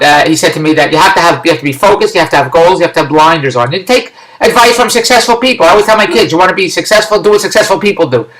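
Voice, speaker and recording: A man's voice: a little high, reverberant, poor audio. A middle-aged man from Philadelphia, ranting in a rambling, exasperated way on his video blog. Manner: rambling, exasperated, loud rants. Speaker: vlogger.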